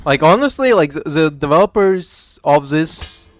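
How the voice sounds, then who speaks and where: A man's voice: fairly high pitch, lively intonation, unhurried, soft background music. A young man from Ukraine streaming a game, chatting casually in a rambling way, stammering, and swearing freely. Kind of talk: casual gaming chat.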